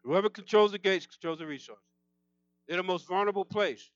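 A man preaching a sermon, shouting with intensity at times and then talking calmly and confrontationally. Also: high voice, brisk, no echo, highs cut off. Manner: intense, shouting preaching that drops to calm talk.

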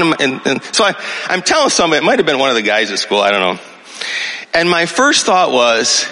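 A man in his sixties gives a sermon, telling his story with lively swings in pitch and checking that listeners follow him. His voice is bright and forceful. A long reverb hangs on every phrase, as in a large hall. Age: 60s. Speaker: pastor.

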